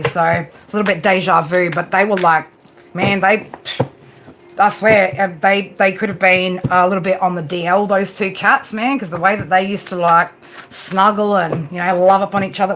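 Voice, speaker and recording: A woman's voice: on the low side, level tone, normal speed, a bit bright, a little hiss or hum. Chatty woman hosting a live tarot stream. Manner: chatty, swears freely, talks to viewers and pets by name. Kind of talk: casual live-stream chat. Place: at home.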